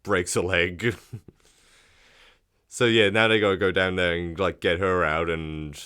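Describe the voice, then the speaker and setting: Low-voiced man recapping a film. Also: fairly even intonation, unhurried, bright, forceful tone, clean tone. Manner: recaps film scenes, acts out quotes. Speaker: podcast co-host. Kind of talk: casual chat.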